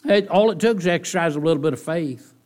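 A man preaching a sermon in church, folksy and animated, often asking the congregation rhetorical questions. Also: a little high, quick pace. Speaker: pastor.

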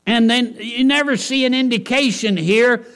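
A man preaching a sermon in church, folksy and animated, often asking the congregation rhetorical questions. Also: very high-pitched, moderate pace. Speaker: pastor.

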